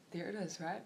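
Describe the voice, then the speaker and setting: A woman's voice: lowish voice, creaky, a little mellow, slight background noise. A woman, a yoga teacher talking openly and reflectively in a personal vlog, wandering with many fillers.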